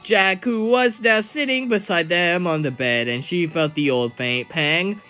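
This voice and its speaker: Bright, crisp male storyteller. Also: high-pitched, a little slow. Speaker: narrator. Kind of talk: reading a novel aloud. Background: faint music.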